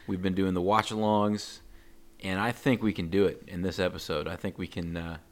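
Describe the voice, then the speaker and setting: Very deep-voiced man, easygoing podcast co-host. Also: fairly even intonation, normal speed. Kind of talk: casual movie discussion.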